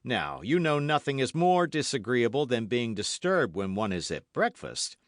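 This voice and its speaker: A man voicing a cool, unflappable aristocratic male musketeer who speaks in a calm, stately, ironic way. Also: mid-range voice, moderate pace, no echo, studio quality, close to an everyday voice.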